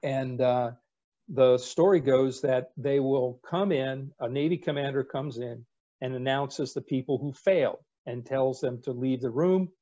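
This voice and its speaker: An American man in his sixties, a retired navy captain, tells wry stories in an unhurried, relaxed way, sprinkling in casual fillers. His warm, mellow voice sits at a normal middle pitch, and the recording has a slightly dull, lo-fi quality.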